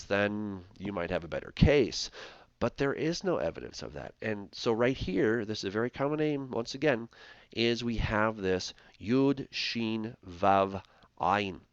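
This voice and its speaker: A man's voice: fairly low pitch, no echo, dull audio. A man giving a Bible lecture while sharing his screen, explaining things step by step and often checking in with "right?". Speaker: Bible teacher.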